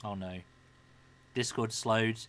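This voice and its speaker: A man's voice: lowish voice, fairly even intonation, fairly bright tone. Man running a tabletop game online. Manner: slow, deliberate reading of an NPC's demands. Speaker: dungeon master. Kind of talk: streamed tabletop game narration.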